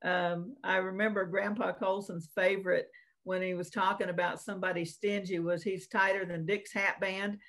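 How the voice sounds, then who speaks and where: A woman's voice: mid-range voice, level tone, moderate pace, a bit bright. A woman, co-hosting a casual chat and telling folksy stories with lots of fillers. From Virginia / North Carolina. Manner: folksy storytelling with many fillers. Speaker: co-host.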